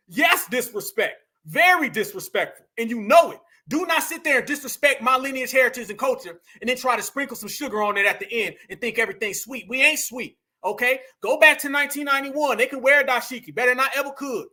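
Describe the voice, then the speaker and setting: A man's voice: very high voice, expressive, a little fast, sharp tone. A man hosting a heated commentary monologue, emphatic and repetitive, calling his audience family. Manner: emphatic, repeats lines, calls the audience family. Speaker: commentary host.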